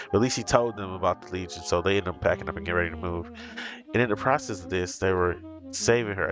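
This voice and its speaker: Chatty low-voiced man recapping over music. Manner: excitable, chatty, heavy use of "like". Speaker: video reviewer. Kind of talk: casual recap and review.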